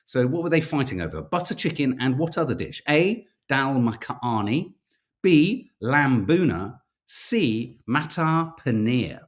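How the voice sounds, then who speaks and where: A man's voice: medium pitch, very animated, unhurried. A man from the United Kingdom hosting a casual live-stream quiz for viewers, chatty and self-mocking, stumbling over names as he reads. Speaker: podcast co-host running a viewer quiz.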